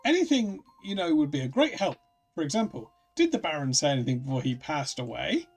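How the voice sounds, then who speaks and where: A man voicing a calm, polite gentleman professor as he reads game dialogue aloud in a measured, courteous way. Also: on the high side, breathy edge, soft background music, heavily acted. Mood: composed.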